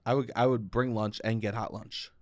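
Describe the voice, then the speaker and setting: A young man with a New York accent, co-hosting a casual podcast and telling stories loudly, breaking into shouts. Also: lowish voice, moderate pace, no room sound, clean studio sound. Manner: loud, animated storytelling with shouted bursts. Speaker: podcast co-host. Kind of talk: casual chat.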